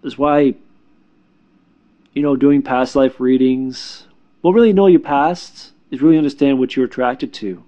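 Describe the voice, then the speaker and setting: A man who works as a spiritual healer, giving casual spiritual advice in a reassuring, halting way, with repeated words and fillers. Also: mid-range voice, steady tone, dark tone, highs cut off.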